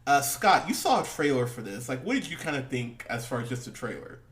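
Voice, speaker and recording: A man's voice: mid-range voice, sing-song, a little fast, fairly bright tone. A man hosting a casual movie review podcast, rambling with lots of fillers, laughing and swearing as he talks. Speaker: podcast host.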